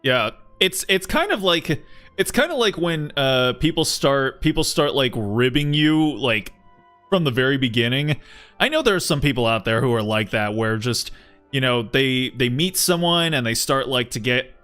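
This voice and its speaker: A man's voice: mid-range voice, animated, moderate pace, fairly bright tone. A young man casually commenting on a game he is streaming, rambling in a laid-back way and swearing now and then. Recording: game music playing underneath.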